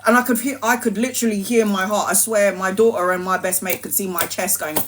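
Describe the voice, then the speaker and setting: A woman spinning a personal story on a live stream, loose and animated. She swears freely and slips into other people's voices. Her pitch sits mid-range for a woman. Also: fairly quick. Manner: animated, swearing, laughing anecdote. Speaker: tarot reader, streamer.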